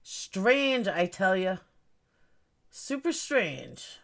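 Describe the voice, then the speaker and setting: A woman's voice: mid-range voice, very animated, extremely slow, vocal fry. Rambling woman livestreamer greeting chat. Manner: rambling, greets chatters by name; puzzled, fiddling with stream settings. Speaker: livestream host.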